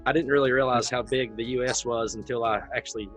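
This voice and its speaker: A man hosting a casual podcast interview, asking open questions in a relaxed way and often saying "you know". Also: medium pitch, quick pace, soft background music. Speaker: podcast host.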